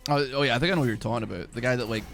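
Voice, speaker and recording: A man's voice: mid-range voice, rapid-fire, a bit bright, soft background music. A young man streaming a video game, chatting casually in a rambling, profane way with many filler words. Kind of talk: casual chat while playing a video game.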